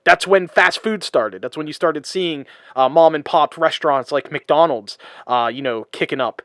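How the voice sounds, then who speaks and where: A man who hosts a podcast talks through a long explanation in an easygoing, conversational way. His voice sits a little higher than usual for a man. The sound is close and dry, with no room around it. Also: normal speed, no room sound. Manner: explains at length in a relaxed, conversational way. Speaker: podcast host. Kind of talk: casual chat.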